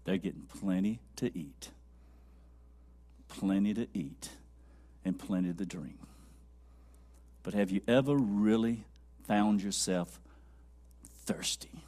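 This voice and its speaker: A man preaching a sermon, swinging from loud high-pitched exclaiming to low quiet musing, repeating lines for emphasis and dropping to a near whisper. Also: takes it slowly, long pauses.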